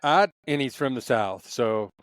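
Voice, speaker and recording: A man's voice: mid-range voice, animated, measured pace, no room sound, poor audio. A man in casual conversation, telling stories in a rambling, passionate way, with many restarts. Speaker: podcast guest.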